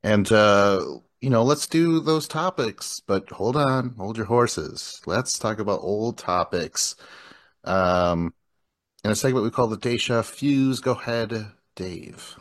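Low-voiced laid-back podcast host. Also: male voice, slow, dry recording, clean studio sound. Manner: laid-back, laughs often, swears casually. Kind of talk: casual podcast chat.

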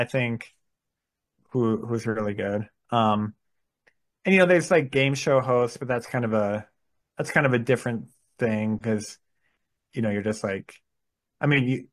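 A man in casual podcast chat, talking hesitantly with lots of fillers and restarts. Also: lowish voice. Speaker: podcast co-host.

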